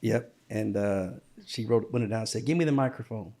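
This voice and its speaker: A man's voice: on the low side, fairly quick, warm tone. A man co-hosting a podcast, easygoing and telling stories in casual chat. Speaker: podcast co-host.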